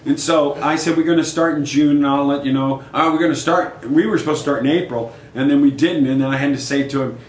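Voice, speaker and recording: An older man in his sixties, a musician guest in a casual interview, telling animated stories and acting out quoted dialogue. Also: on the high side, fast talker, few pauses. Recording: echoey room with faint noise.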